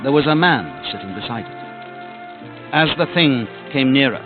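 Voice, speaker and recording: A man's voice: mid-range voice, animated, unhurried, over music. Dramatic male storyteller on tinny cassette. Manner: dramatic storytelling, dropping to a hush. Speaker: narrator. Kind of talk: cassette audiobook reading.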